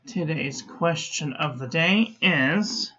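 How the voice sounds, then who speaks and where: Brief: woman host, unhurried chatty ink review, dull lo-fi home audio. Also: sits low, bright, forceful tone, breathy edge. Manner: chatty, self-correcting, talks to viewers.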